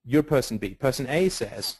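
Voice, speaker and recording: A man giving a webinar lecture on ethics, animated and rhetorical, acting out the voices of people he quotes. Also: mid-range voice, moderate pace, no room sound, poor audio. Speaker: webinar speaker.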